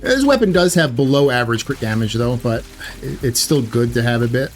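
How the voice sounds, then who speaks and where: A man's voice: medium pitch, lively intonation, fairly quick, soft background music. A man giving casual gameplay commentary in a chatty way, correcting himself often with loose filler words. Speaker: gaming YouTuber.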